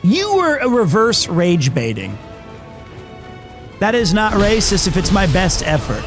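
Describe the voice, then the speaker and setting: A man streaming live tells a rambling story in casual chat and acts out each quote. His voice sits fairly high. Soft music plays faintly in the background. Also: huge pitch swings, measured pace.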